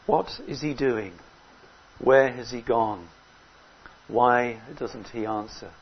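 A man preaching a sermon in an earnest way, rising loud on key words and dropping low between them. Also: takes it slowly, dull audio, slight background noise.

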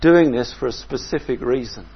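A man preaching a sermon in a measured, reflective way, often asking his listeners questions. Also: medium pitch, slightly rough, lo-fi sound.

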